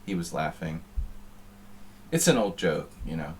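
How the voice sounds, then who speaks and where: Deep-voiced man chatting offhand. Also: expressive, measured pace, slight background noise. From United States. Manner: rambling, offhand and wry. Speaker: chess streamer. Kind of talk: casual chat while playing online chess.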